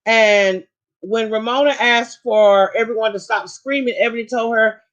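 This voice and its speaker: A woman in her fifties talks through a recap in a loose, chatty vlog style. Her voice sits in the middle of the range, and she stumbles, restarts and fills pauses as she goes. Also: medium pitch, dull audio. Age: 50s. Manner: chatty, recaps and reads aloud with fillers and restarts. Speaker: vlogger. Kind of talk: casual commentary.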